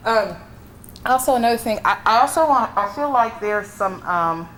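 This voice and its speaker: A woman medium giving a live reading to an audience member at an expo, reassuring and emphatic, with breathy exclamations. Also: fairly high pitch, animated, normal speed, fairly bright tone, a little hiss or hum. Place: expo hall.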